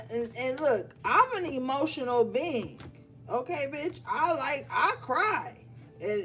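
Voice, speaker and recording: A woman giving a casual livestream tarot reading, talking bluntly with lots of profanity, scolding her viewers and laughing often. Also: mid-range voice. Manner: scolding, animated. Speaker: tarot reader. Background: faint music.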